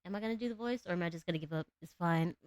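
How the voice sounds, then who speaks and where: A woman with a low alto voice chatting casually with her live-stream viewers, giggling often. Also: fast talker, darkish tone, dry recording. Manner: chatty, giggly, talks to chat and her cat.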